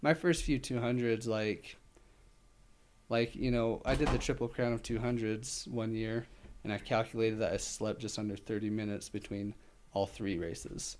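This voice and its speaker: A man's voice: fairly low pitch, fairly even intonation, moderate pace, a little mellow, a little hiss or hum. A man taking part as a guest in an interview, rambling with many fillers, laughing easily and slightly out of breath. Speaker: ultramarathon runner guest. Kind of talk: casual interview chat.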